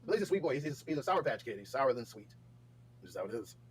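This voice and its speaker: A man's voice: mid-range voice, very animated, very fast, a little hiss or hum. A man in casual stream chat, rambling with many restarts.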